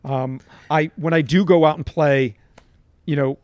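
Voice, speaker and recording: A man's voice: on the high side, fairly even intonation, a little slow, a little mellow, dry recording. A middle-aged man, a golf coach on a podcast, telling stories emphatically and checking in with "right?". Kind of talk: animated anecdote-telling in conversation.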